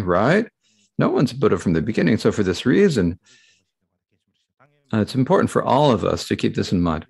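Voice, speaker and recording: Male interpreter for a Dharma talk, lively pitch, halting delivery with frequent restarts. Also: vocal fry, slightly rough.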